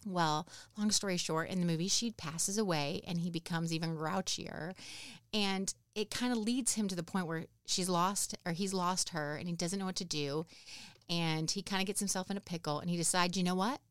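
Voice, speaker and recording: A woman's voice: on the low side, moderate pace, clean tone, dry recording, clean studio sound. A woman in her thirties hosting a podcast, talking in an earnest, encouraging way that rambles with restarts as she reflects on life. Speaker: podcast host. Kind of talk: reflective personal talk.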